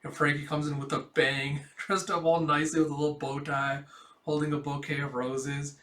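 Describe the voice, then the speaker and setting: A man's voice: fairly high pitch, flat delivery, moderate pace, fairly bright tone, a little hiss or hum. A man hosting a casual manga reading, chatty and laughing, with lots of fillers. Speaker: host. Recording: roomy sound from a distant mic.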